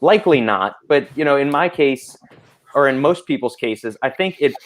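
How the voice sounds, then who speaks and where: A man's voice: medium pitch, animated, moderate pace. Chatty male podcast host explaining. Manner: explains at length, many fillers. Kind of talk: casual panel podcast talk.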